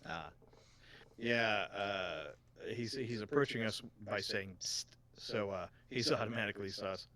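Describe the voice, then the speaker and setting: A man's voice: fairly low pitch, unhurried, sharp tone. A man chatting casually while playing a game, rambling with joking asides. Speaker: game streamer. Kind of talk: casual let's-play chat.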